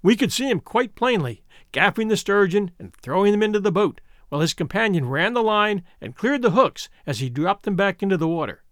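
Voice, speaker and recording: A man narrating a classic adventure story in an expressive, animated way. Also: high-pitched, brisk, hardly any pauses, no room sound, studio quality. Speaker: audiobook narrator.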